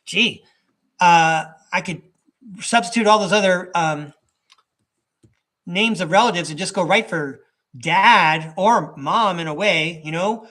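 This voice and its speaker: A man's voice: high-pitched, slow pace, pauses often, bright, forceful tone. A man hosting a live tarot reading for his chat, talking in a rambling, chatty way with lots of asides and small chuckles. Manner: chuckles between thoughts. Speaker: tarot reader and podcast host.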